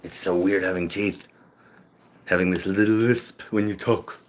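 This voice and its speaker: A man's voice: medium pitch, expressive, unhurried, a little mellow, natural voice. A prim, self-satisfied cartoon baby boy with a lisp, put on by a man. He speaks in a clipped, lofty manner, and the voice sounds set apart from his usual one. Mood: smug.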